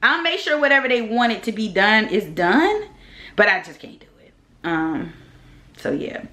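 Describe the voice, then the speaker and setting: Animated woman vlogger retelling a story. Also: medium pitch, moderate pace. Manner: animated, heated retelling with lively quoted rants. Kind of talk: casual storytelling vlog.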